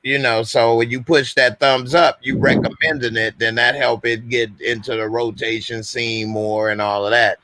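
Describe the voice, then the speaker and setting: A man's voice: medium pitch, flat delivery, normal speed, hardly any pauses, bright, forceful tone. A man hosting a live call-in stream, talking in a loose, conversational way and going on at length. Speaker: host. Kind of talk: casual call-in chat.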